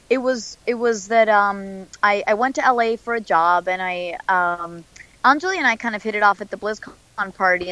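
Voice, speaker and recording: A woman's voice: mid-range voice, a bit bright, no echo, poor audio. A woman, a voice actor, chatting casually in an interview, with lots of fillers and restarts. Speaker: voice actor guest.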